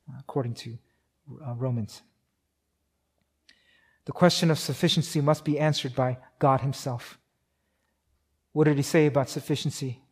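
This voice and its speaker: A pastor with a fairly high-pitched voice preaches a sermon conversationally, restarting often and using many fillers. He grows louder for emphasis, then goes soft and slow on key points.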